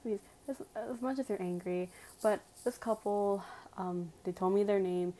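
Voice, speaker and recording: A woman's voice: mid-range voice, fairly even intonation, unhurried, mellow, poor audio. A woman telling a personal story to her viewers in a casual, emphatic way, full of "like" fillers and direct appeals.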